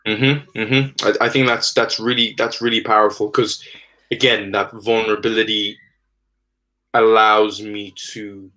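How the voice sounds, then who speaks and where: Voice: mid-range voice, flat delivery, sharp tone. A podcast guest in casual conversation over a remote call, speaking reflectively and often murmuring agreement. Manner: slow, reflective, frequent affirming murmurs.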